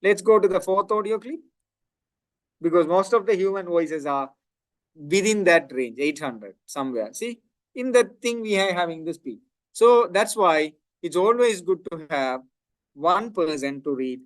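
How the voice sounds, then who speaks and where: A middle-aged man delivers a technical lecture in a fairly high voice, walking through each step and tagging his points with "right?". The sound is dry and close, with no room echo. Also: animated, unhurried. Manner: explanatory, repeats "right?" to check understanding.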